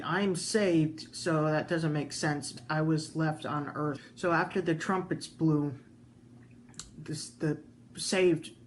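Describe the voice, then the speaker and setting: A person hesitantly recounting a dream, halting and repeating themselves. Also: mid-range voice, a little hiss or hum.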